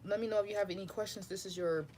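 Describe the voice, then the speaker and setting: A woman's voice: medium pitch, steady tone, very fast, background noise. A woman tarot reader, giving a loose, rambling, profane spiritual reading to camera.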